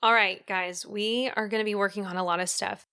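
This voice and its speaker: A woman co-hosting a casual podcast with a bright, tense edge to her voice. Her tone is crisp and smooth as she tells stories in an animated, chatty way, peppered with "um" and "like.". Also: medium pitch, fairly quick. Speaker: podcast co-host. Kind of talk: casual chat.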